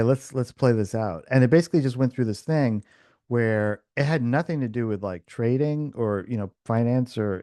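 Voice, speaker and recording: A man with a lowish, mellow voice chats casually on a podcast, recorded close and dry. He rambles with restarts and fillers and slips into quoted dialogue as he tells a story. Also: no room sound. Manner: animated, acts out quoted dialogue. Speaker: podcast host.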